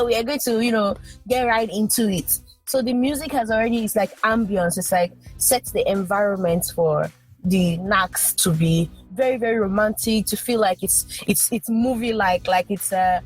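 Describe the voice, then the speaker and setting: A young adult woman guest on a podcast, talking frankly and emphatically in casual chat, with fast animated bursts. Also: mid-range voice, breathy edge.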